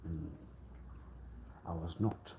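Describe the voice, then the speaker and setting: A man hosting a livestream, giving an improvised mock lecture in a preachy, theatrical way that swings between loud scolding declarations and hushed low murmurs. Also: fairly even intonation, takes it slowly, a little hiss or hum. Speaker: livestream host.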